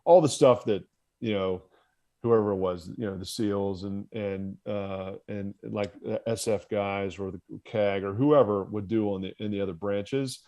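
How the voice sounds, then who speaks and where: A man's voice: fairly low pitch, steady tone, unhurried, mellow. A man from the United States, a former Marine officer, telling his story as a podcast guest in a candid, profane way and laughing at himself. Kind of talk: casual storytelling in conversation.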